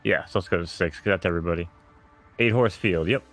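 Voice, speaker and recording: Man, New York accent, low voice, casual rambling stream host. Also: quick pace, fairly bright tone, faint music behind. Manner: rambling, self-mocking, breaks into laughs. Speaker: stream host and horse owner. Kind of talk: casual live-stream chat.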